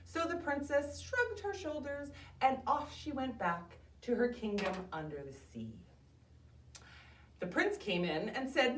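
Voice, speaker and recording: A woman hosting a library storytime, reading a fairy tale aloud to children with animated expression. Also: high voice, unhurried. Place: library room. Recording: roomy, mic at a distance.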